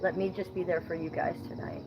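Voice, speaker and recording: A woman from Ohio hosts a casual livestream outdoors at night, reading chat comments in a blunt, playfully profane way. Her voice is on the low side, creaky, and a little fast, with a noisy background.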